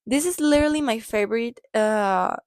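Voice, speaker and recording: A woman's voice: on the high side, lively intonation, normal speed, no room sound. A woman vlogger recapping a movie in a casual, gushing way, often saying "like" and "literally" and speaking as a dancer herself. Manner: chatty and gushing, with lots of "like" and "literally"; dancer talking from personal experience.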